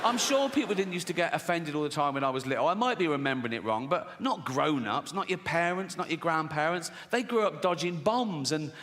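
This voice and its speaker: A man's voice: on the high side, lively intonation, a little fast, hardly any pauses, fairly bright tone. A British man doing stand-up comedy, brash and profane, often chuckling at his own jokes. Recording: long hall reverb, faint noise.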